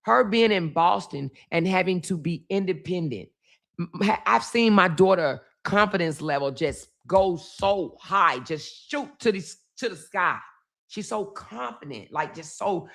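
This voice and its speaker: A woman's voice: lowish voice, lively intonation, normal speed, gravelly, fairly bright tone. A middle-aged woman, telling a family story to her viewers in a casual, emphatic way, repeating phrases. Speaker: vlog host.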